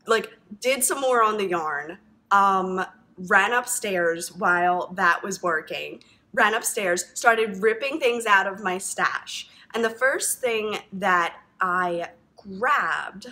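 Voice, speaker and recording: A woman's voice: medium pitch, bright, forceful tone. A woman hosting a knitting podcast, chatting to camera in a gushing, rambling way full of ums and likes. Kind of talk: casual chat to camera.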